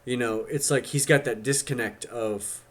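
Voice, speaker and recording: A man in his thirties hosting a livestream, picking apart a film's psychology in a casual, halting way, restarting his sentences often. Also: medium pitch, steady tone, fairly bright tone. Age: 30s. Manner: analytical, halting with many restarts. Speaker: stream host.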